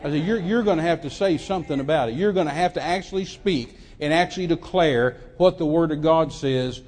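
An older man, preaching a sermon as a lively story, often repeating words, on a handheld mic in a church. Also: fairly high pitch, brisk. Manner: animated, repeats words, acts out quoted voices. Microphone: handheld microphone.

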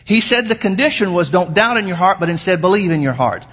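A man's voice: sits high, animated, fast talker, a bit bright, slightly rough. Emphatic male pastor preaching. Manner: emphatic, rising to stress key points, then rambling storytelling with fillers. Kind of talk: sermon.

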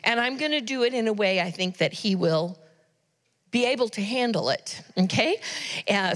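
Middle-aged woman, church announcer, earnest and chatty with asides, mid-pitched, reverberant hall sound. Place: church sanctuary.

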